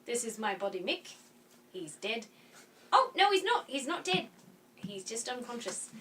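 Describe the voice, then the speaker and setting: Breezy rock creature, male, mild and chatty, as a woman does the impression; high, bright, off-mic. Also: sing-song, a little slow, recorded from a distance, slight background noise, full character voice. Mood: cheerful.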